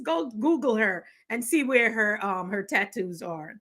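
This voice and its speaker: Woman, from the Caribbean, middle-aged, slightly high voice, bright tone, laughs a lot, casual live stream chat. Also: normal speed. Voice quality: laughs often, animated.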